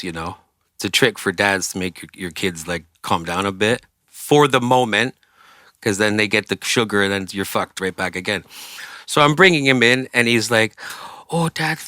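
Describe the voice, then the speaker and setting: A man with a low, bright, forceful voice tells stories in a loose, animated way. He swears casually and jumps into other voices for the people he quotes. The sound is dry and close, with no room around it. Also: no echo. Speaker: rock singer, interview guest. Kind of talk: casual storytelling.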